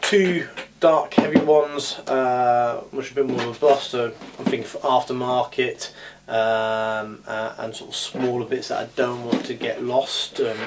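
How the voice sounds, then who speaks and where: A man's voice: mid-range voice, steady tone, unhurried. A man chatting casually in a hobby vlog from his home hobby room, rambling with frequent ums and uhs, recorded on a camera mic. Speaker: scale model hobby vlogger. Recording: audible background noise.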